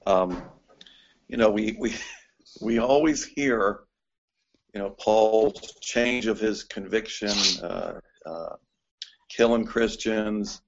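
Slow, hesitant low-voiced man. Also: gravelly. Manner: hesitant, full of ums and restarts. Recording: dull lo-fi recording.

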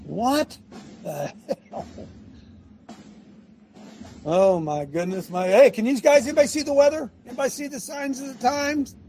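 A man hosting an online talk show, giving fiery religious and political commentary in an excitable, rambling way with shouted asides. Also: extremely high pitch, moderate pace, long pauses, a little hiss or hum.

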